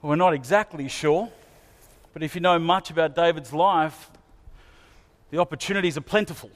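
A man's voice: on the high side, moderate pace. A man preaching a sermon in an earnest manner, asking his listeners searching questions. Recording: long hall reverb.

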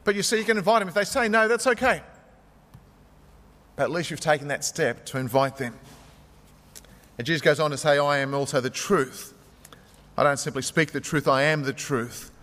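Male pastor, fairly high voice, conversational sermon in a church with a long echo. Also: moderate pace, pauses often, a bit bright. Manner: conversational preaching, retells stories with quotes.

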